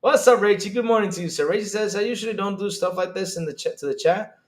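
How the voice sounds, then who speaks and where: A man hosting a live stream, reading chat aloud and reacting with excitable disbelief and frequent laughter. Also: high-pitched. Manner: excitable, incredulous, laughing, rapid swings in loudness.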